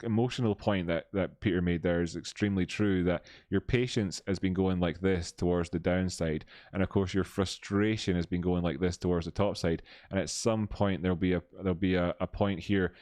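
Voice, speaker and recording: A man's voice: sits low, darkish tone, no echo, clean studio sound. A man hosting a live stream, thinking aloud over charts and chat with many fillers. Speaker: live stream host and market analyst.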